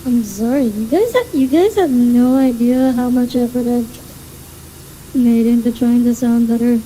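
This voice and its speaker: A young woman vtuber chatting casually while gaming, with a monotone, hesitant delivery that often trails off. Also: a little high, unhurried, slight background noise, low-quality recording. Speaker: vtuber streamer. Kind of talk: casual gameplay chat.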